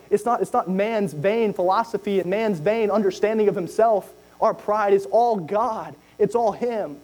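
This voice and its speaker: Fervent high-voiced preacher. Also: male voice, dark tone, rough recording. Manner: fervent, repetitive preaching with scripture quoted in King James wording. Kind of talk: sermon.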